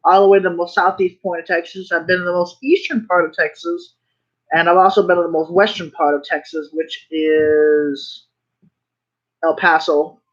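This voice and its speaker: A vlogger talking in a casual rant, rambling, repeating phrases and swearing when worked up. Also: medium pitch. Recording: slightly muffled recording.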